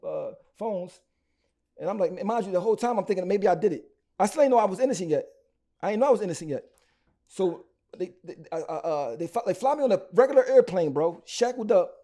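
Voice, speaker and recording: Telling his story in an interview, a Philadelphia-born rapper with a Philly accent talks in quick, slangy bursts, often doubling back and starting over. His voice sits high yet has a dark, mellow tone.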